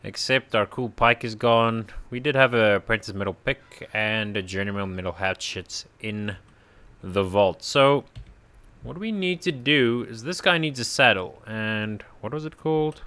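A man's voice: on the low side, expressive, a little slow, sharp tone. Chatty man narrating his gameplay. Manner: chatty, talks to his in-game creatures, frequent little laughs. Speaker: gaming channel host. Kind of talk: casual let's-play commentary.

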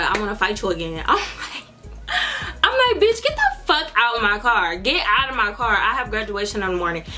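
Bright, profane young woman vlogger. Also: medium pitch. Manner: profane, animated, slangy storytelling. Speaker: YouTuber. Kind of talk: casual storytelling vlog. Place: indoors under bright lights.

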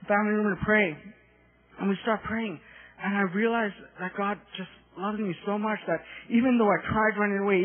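A young man giving an emotional personal testimony at a live church conference, earnest and repetitive, building in intensity. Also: sits high. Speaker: youth testimony speaker. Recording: tinny, phone-like live recording.

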